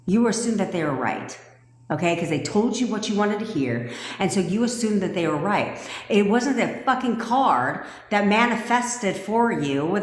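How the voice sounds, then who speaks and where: A woman coaching manifestation on a phone livestream, ranting in a blunt, profane way. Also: medium pitch. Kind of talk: livestream rant. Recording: echoey room with long reverb.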